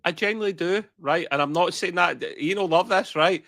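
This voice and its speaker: A man's voice: high voice, a little fast, creaky, a bit bright, no room sound. A man from Scotland with a Scottish accent, co-hosting a casual podcast and chatting away, hedging his answers and laughing them off. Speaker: podcast co-host. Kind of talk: casual chat.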